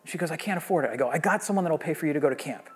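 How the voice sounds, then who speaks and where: A man's voice: fairly high pitch, expressive, rapid-fire. A man in his thirties, a pastor preaching a sermon and telling a long story in a conversational way with frequent restarts.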